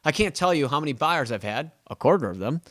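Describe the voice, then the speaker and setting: A man's voice: on the high side, animated, fast talker, fairly bright tone. A man hosting a real estate podcast, talking in a rambling, self-mocking way and acting out his clients' questions. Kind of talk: casual podcast monologue.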